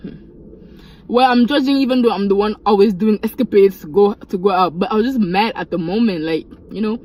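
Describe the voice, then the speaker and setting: Animated young woman telling a story. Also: brisk, poor audio. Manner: animated, jumps into high-pitched quoted voices. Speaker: vlogger. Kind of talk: casual storytime.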